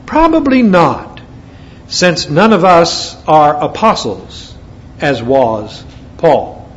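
Slow-paced yet very animated, this American man's somewhat high voice carries a sermon combining scripture readings and folksy asides. The recording sounds dull and lo-fi, with faint noise in the background.

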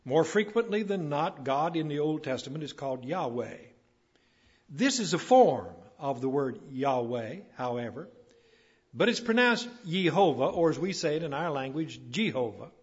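A man delivers a sermon in a folksy, plainspoken way, swelling to emphatic peaks before sinking low again. His voice sits a little high and sounds husky. The recording is dull and lo-fi. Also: sing-song, moderate pace. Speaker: preacher.

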